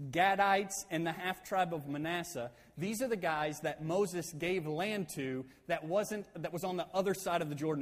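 A male pastor delivers a sermon in a church hall, retelling a story with an animated, conversational flair and frequent restarts. His voice sits a touch higher than most men's, and a long reverb trails each phrase.

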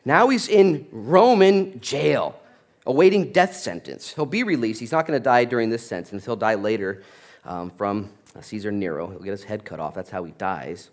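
A man preaching a sermon as a pastor, telling stories with lively, animated energy and acting out the people in them. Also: lowish voice, normal speed. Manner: animated storytelling, acting out voices.

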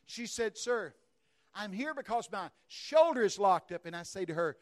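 A man preaching a charismatic healing sermon and praying, fervent and emphatic, telling stories with loud exclamations. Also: high-pitched, lively intonation, normal speed.

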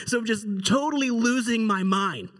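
Man, pastor, middle-aged, high voice, animated storytelling sermon. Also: normal speed. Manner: animated, conversational, acts out quotes.

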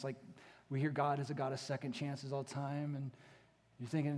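A man preaching a sermon as pastor, moving between hushed, intimate passages and rising, emphatic exhortation. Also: medium pitch, monotone, moderate pace. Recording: long hall reverb.

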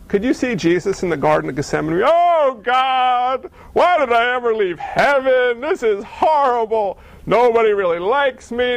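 High-voiced male pastor, easygoing sermon. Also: creaky. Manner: conversational and self-deprecating, with playful asides.

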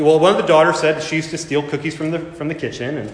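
Delivering a sermon at a fast clip, this high-voiced man tells a story, voicing its characters and building dramatic rises. The room is reverberant, like an echoey hall.

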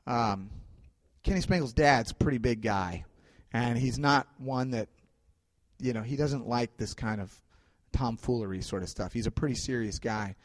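A male pastor giving a sermon, telling stories in a conversational way with fillers, swinging between loud and quiet. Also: medium pitch, normal speed. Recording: long hall reverb.

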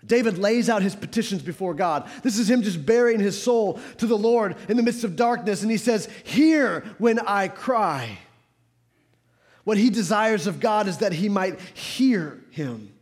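A man delivers a sermon from the pulpit, his voice sitting noticeably high for a man. He swings between fervent, pressing emphasis and soft, hushed passages. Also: normal speed, hardly any pauses. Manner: rises to fervent emphasis, drops to hushed tones. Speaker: pastor.

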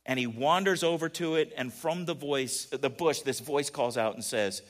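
A man preaching a conversational sermon, asking his listeners questions and moving between quiet asides and emphatic peaks. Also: medium pitch, normal speed. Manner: animated, asks the audience questions, swings between soft asides and emphatic peaks. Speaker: pastor.

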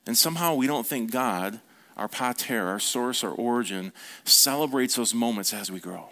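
A man preaching a conversational sermon, telling stories with relaxed, playful asides. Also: mid-range voice, moderate pace.

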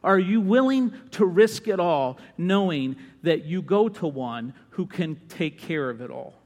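Pastor, male, high pitched, impassioned sermon delivery that swings from loud calls to hushed lines; church hall with long reverb. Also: expressive, a little slow. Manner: impassioned preaching, rising to shouts and dropping low.

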